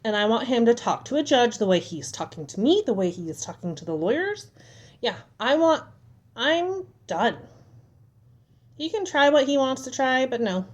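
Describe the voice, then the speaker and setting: A woman's voice: fairly high pitch, sing-song, moderate pace. A young woman venting casually to the camera at home, frustrated and exasperated as she retells an argument. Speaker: vlogger. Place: home, at a table.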